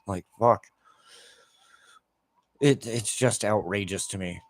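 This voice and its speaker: A man's voice: fairly low pitch, takes it slowly, no room sound. A man giving heated, profane rants over gameplay commentary, with lots of filler "like". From Canada. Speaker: gameplay streamer.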